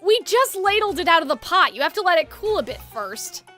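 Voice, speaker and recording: A woman voicing a calm, modest young man who bakes, speaking gently and a little lower than her usual voice. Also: brisk, soft background music, full character voice. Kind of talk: voicing game dialogue aloud.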